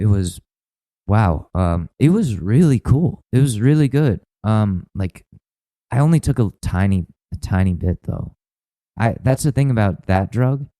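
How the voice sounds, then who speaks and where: A rambling, profane young podcast host. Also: male voice, low voice, dark tone, clear, resonant tone, dry recording, low-quality recording. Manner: rambling, self-mocking, profane. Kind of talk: rambling comedic monologue.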